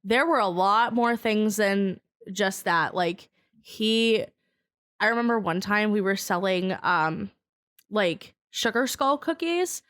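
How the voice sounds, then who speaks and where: A young adult woman guest on a casual podcast, recounting a story in an animated way and swearing freely. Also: mid-range voice, takes it slowly. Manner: animated, swears freely, acts out other people's lines.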